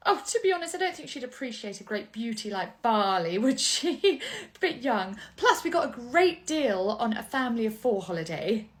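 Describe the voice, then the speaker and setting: A woman's voice: a little high, very animated, moderate pace, few pauses. A woman playing a self-absorbed, condescending mother with a patronising, sing-song manner. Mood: dismissive.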